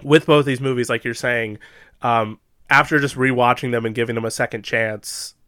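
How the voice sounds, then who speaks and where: A man co-hosting a podcast about movies, talking in a rambling, casual way and laughing loudly at jokes. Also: medium pitch, fairly even intonation, normal speed, clear, resonant tone, no room sound, clean studio sound. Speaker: podcast co-host. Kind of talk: casual chat.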